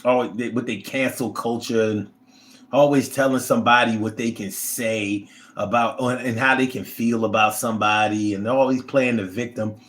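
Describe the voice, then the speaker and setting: A man's voice: mid-range voice, fairly even intonation, normal speed, a bit bright. A man hosting a casual livestream who reads viewer comments and talks in a blunt, profane, rambling way. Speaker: livestream host reading chat.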